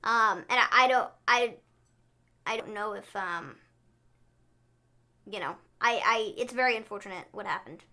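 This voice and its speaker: A woman co-hosting a show in casual chat, giggly and animated, often stopping and restarting her sentences. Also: medium pitch, unhurried, long pauses. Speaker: co-host of a wrestling recap show.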